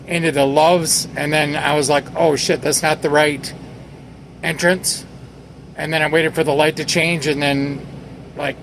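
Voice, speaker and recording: A male vlogger with a fairly high voice angrily recounts a personal story, casual, agitated and swearing, quoting other people as he retells it. There's slight background noise.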